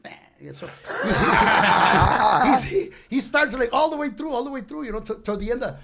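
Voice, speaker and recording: An older man tells a comic story in a high, gravelly voice. He acts out each character as he goes and sprinkles Spanish slang through the telling, in the easy flow of a podcast guest. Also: animated, normal speed, sharp tone. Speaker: guest comedian.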